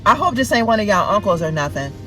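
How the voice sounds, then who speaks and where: A woman vlogging casually from inside her car at a car wash, chatty and animated as she talks straight to her viewers. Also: mid-range voice, quick pace, music in the background. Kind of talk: casual vlog chat.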